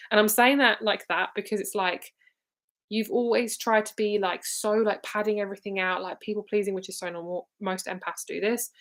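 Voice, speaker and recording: A young woman gives card readings on a live stream. She talks in a loose, rambling way, fills her sentences with "like" and swears now and then. Her voice sits at a middling pitch. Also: fairly even intonation, brisk, a bit bright. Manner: chatty, rambling, full of "like", casual swearing. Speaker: tarot and psychic reader.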